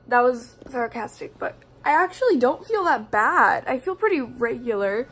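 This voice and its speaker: A bubbly, chatty teenage girl talks straight to her camera in a casual vlog. Her voice sits high and bright, and steady noise hums behind her throughout. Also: moderate pace, few pauses. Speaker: vlogger. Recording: noisy background.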